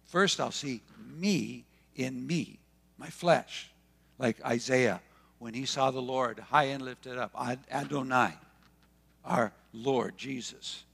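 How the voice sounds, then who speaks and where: A man preaching a sermon with passion, swinging between loud declarations and hushed asides. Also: medium pitch, vocal fry, long reverb tail. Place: church hall.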